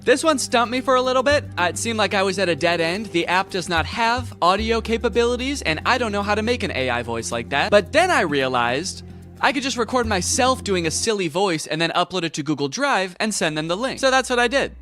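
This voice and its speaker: Brief: a young man's wry voice-over, bright and lively, high-pitched, with music underneath. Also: fairly quick. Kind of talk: comedic story narration.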